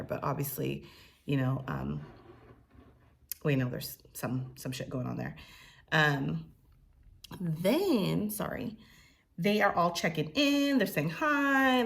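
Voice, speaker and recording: A young woman with a low voice talks through a reality show episode in a loose, chatty way. She is opinionated and full of fillers, and now and then she mimics the cast in a higher voice. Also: creaky. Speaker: recap host. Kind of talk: casual reality TV recap.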